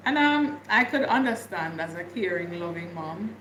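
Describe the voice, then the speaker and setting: A woman's voice: fairly low pitch, lively intonation, slow pace, long pauses, fairly bright tone. Jamaican woman chatting on a live stream, laughs a lot, echoey room w faint hiss. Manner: chatty, laughing, talks to viewers in comments. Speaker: livestream host. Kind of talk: casual livestream chat.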